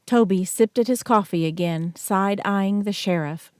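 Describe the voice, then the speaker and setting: A woman narrating an audiobook in a measured, even reading. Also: mid-range voice, smooth, no room sound. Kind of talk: scripted narration. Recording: dry close studio mic.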